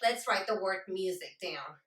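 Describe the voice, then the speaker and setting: A woman literacy teacher walks children through a phonics lesson and carefully sounds out each word. Her voice is bright and lively, moving up and down a lot. It has a roomy echo and sits away from the microphone. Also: medium pitch. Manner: slow, deliberate, sounds out words. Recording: roomy echo, distant from mic.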